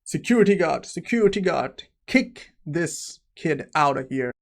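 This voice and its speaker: A man's voice: mid-range voice, flat delivery, measured pace, gravelly, dark tone. A man voicing an arrogant rich rival who blusters and threatens. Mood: scornful.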